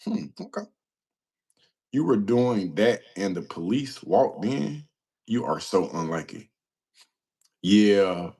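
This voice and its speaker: Man, livestream host, lively pitch, laughs a lot, slangy and self-mocking. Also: takes it slowly, breathy edge. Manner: laughs often while telling stories, slangy and self-mocking. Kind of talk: casual livestream chat reading comments.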